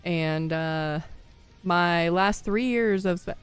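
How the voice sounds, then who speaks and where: A woman's voice: lowish voice, slow, smooth, faint music behind. A young woman from the Midwest chatting casually with her stream viewers, rambling through stories, laughing often and greeting people as they come in. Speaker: livestream gamer.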